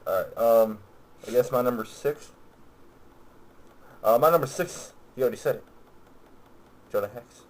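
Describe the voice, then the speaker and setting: A man's voice: mid-range voice, moderate pace, long pauses. A young man co-hosting a casual movie-ranking chat, hesitant and full of fillers, with a laid-back manner. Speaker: co-host of a movie review show.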